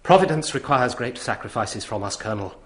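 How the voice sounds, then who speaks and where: A man's voice: mid-range voice, expressive, a little fast, natural voice. A man playing a sorrowful emperor. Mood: grave. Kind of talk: radio drama acting.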